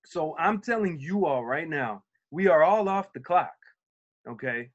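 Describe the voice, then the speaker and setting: A man speaking on a video call as a union organizer, telling an animated story and acting out shouted quotes. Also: on the high side, a little slow, muffled recording. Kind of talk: virtual meeting talk, storytelling.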